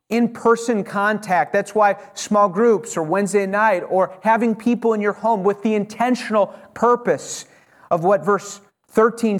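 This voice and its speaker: A male pastor preaching a sermon to his church, earnest and urging, often restarting his phrases as he presses a point. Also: sits high. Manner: frequent self-corrections and restarts.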